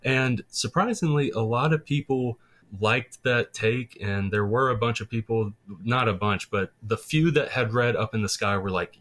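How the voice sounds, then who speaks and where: A man's voice: on the low side, normal speed, fairly bright tone. A man talking as a podcast guest in casual, enthusiastic chat, rambling a little with restarts.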